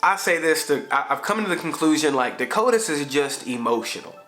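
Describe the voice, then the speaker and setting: A man's voice: a little high, expressive, a little fast, pushed and bright, soft background music. A father vlogger, a man telling a family story in a slangy, conversational way with frequent fillers. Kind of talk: casual storytelling to camera.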